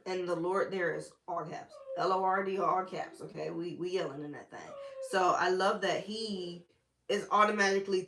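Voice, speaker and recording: Woman, casual Bible teaching, chatty and informal, slang and asides, lowish voice, echoey room. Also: steady tone, moderate pace, a bit bright. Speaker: Bible study host.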